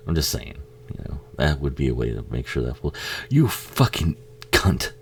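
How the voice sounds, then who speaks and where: Over slight background noise, a film commentary host with a rumbling low voice and vocal fry talks at normal speed through a movie. He's casual and profane, laughing frequently and joking at the screen.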